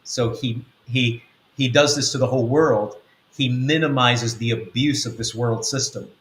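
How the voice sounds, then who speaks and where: A man's voice: medium pitch, fairly even intonation, normal speed, fairly bright tone, echoey room. A man giving a spiritual teaching talk as an apostle. He speaks earnestly and repeats his points. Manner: earnest, repetitive, acts out quotes.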